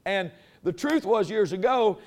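Casting: male preacher, high voice, homespun conversational sermon delivery that swells with conviction. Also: expressive, a little slow. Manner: folksy, conversational preaching that builds in force. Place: church before a congregation.

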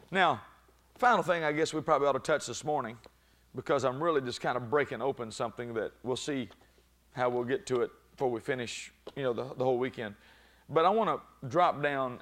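A man preaching a sermon, moving between calm teaching and loud exclaiming peaks, often breaking in with praise. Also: medium pitch, fairly quick. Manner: frequent "glory be to God" interjections.

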